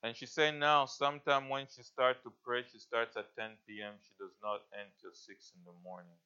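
A male pastor preaching a sermon in an earnest, halting way, often restarting his sentences. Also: mid-range voice, pushed and bright, smooth. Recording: dull lo-fi recording.

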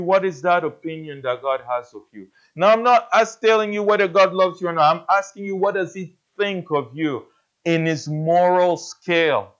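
A man's voice: a little high, fairly bright tone, dull audio. A man preaching a sermon, earnest, putting repeated questions to his listeners. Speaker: pastor.

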